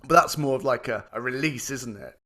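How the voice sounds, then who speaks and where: A man's voice: mid-range voice, fairly quick. A man co-hosting a podcast, talking casually and with a lot of enthusiasm, swearing now and then. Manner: animated, swearing, enthusiastic storytelling. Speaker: podcast co-host. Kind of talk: casual chat.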